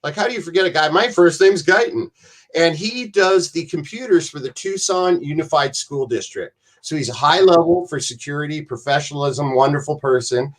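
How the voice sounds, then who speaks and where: A man's voice: a little high, moderate pace. A man guest telling rambling, profane backstage stories and acting out other people's lines. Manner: profane, rambling, acts out quoted voices. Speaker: podcast guest. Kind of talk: animated storytelling.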